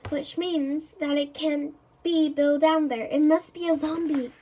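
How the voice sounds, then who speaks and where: An excitable storybook man with an urgent, jumpy way of speaking, as a woman reads his lines. The voice sits high and bright. It sounds like a children's book read aloud. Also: unhurried, slight background noise.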